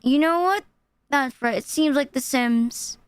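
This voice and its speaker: A woman streamer chatting casually while reacting to clips, blunt and quick to swear. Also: high voice, no room sound.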